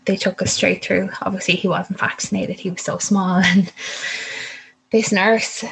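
A woman's voice: medium pitch, little pitch movement, measured pace, vocal fry, fairly bright tone, husky, low-quality recording. A young woman telling a personal story in a vivid way, acting out the voices of the people in it.

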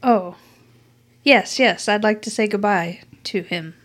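A woman's voice: medium pitch, slow pace, fairly bright tone. A woman playing a tabletop game, tentative and asking the game master many questions. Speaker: player. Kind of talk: casual chat in a tabletop game.

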